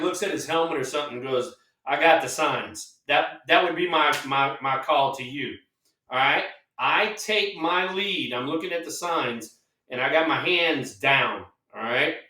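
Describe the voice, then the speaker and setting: A middle-aged man and former ballplayer co-hosting a sports talk show, telling anecdotes in a relaxed way and checking in with "all right?". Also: a little high. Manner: laughing, anecdotal storytelling with "all right?" tags. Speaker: podcast co-host, former ballplayer. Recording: echoey room, distant mic.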